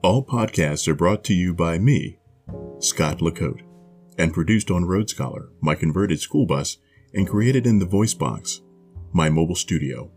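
A man hosting a podcast, reading a short story aloud in a measured, deliberate way from a mobile studio. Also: low voice, lively intonation, darkish tone, faint music behind. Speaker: podcast host and reader. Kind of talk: scripted narration of a short story. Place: mobile studio in a converted school bus.

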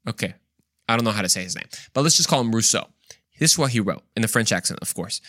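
Fast-talking and animated, this man's low-side voice comes across pushed and bright, in clean studio sound with no room sound. He hosts a Christian podcast as an emphatic monologue, firing rhetorical questions and often repeating words and restarting.

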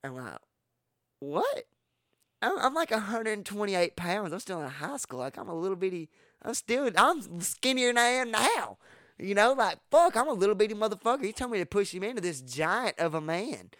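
Man, casual podcast storyteller, profane, animated, somewhat high voice, crisp, dry close mic. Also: brisk, no room sound. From Texas. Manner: animated, profane, acts out quoted lines with sudden loud jumps. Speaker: podcast host.

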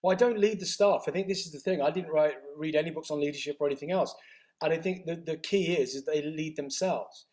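The speaker is a man, a health author and retreat owner, chatting as a guest in a casual interview. He sounds a little high and talks at a quick pace. He tells his stories with animated energy, often laughing and starting over.

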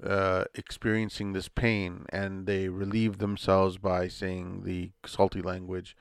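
A man's voice: deep voice, level tone, takes it slowly, smooth, no echo, studio quality. A man, the host's son, chatting earnestly on a podcast and insisting on proper, polite language. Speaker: podcast co-host. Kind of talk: casual chat.

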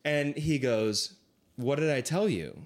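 A young man telling a long story in casual chat, acting out voices as he goes. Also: slow pace. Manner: animated, acts out quoted voices with big pitch swings.

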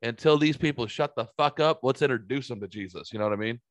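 A man hosts a loose podcast chat, cracking crude jokes and laughing easily. His voice is mid-pitched, and the recording is dry and close, with no room sound. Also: fast, dry recording. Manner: crude, joking, laughing often. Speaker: podcast host. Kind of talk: casual chat.

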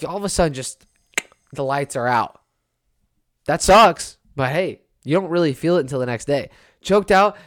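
A man in his twenties giving a casual sports rant, animated and exasperated, with frequent restarts. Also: medium pitch. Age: 20s. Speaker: sports commentator.

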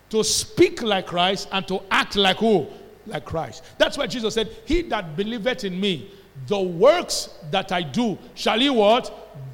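A man's voice: high voice, fairly bright tone. A man with a Nigerian accent preaching a sermon as pastor, emphatic and call-and-response, drawing answers from the congregation. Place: church hall. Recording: long church-hall reverb.

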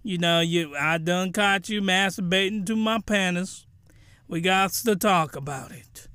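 A man voicing a calm middle-aged stepmother who lectures her teenage stepson, in a low, quiet, flat tone. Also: unhurried, clean tone, no room sound, studio quality. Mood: calm lecturing.

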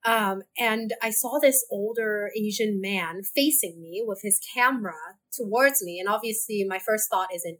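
A woman from Hong Kong, a podcast guest, telling animated personal stories and laughing often in a casual interview. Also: medium pitch, unhurried, hardly any pauses.

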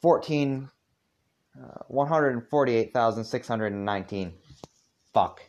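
A man reading a story aloud as an amateur voice actor. He talks haltingly, with fillers, and breaks off to comment on his own reading. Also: medium pitch, a little mellow, highs cut off.

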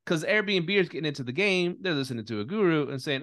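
A man's voice: a little high, lively intonation, fast talker, fairly bright tone, dry recording. Blunt rambling man in a dry room. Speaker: podcast host. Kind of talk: casual chat.

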